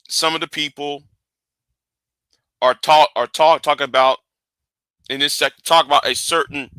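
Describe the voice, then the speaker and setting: A man's voice: fairly high pitch, pushed and bright, no echo. A man hosting a livestream rant, lecturing his viewers and often repeating and restarting his phrases. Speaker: livestream host.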